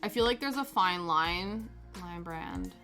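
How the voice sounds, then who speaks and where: A woman's voice: lowish voice, expressive, a little slow, sharp tone. A woman chatting casually while she knits on a stream at home, rambling and laughing often. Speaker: knitting streamer. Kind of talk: casual chat while knitting. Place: home, on a sofa. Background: faint background music.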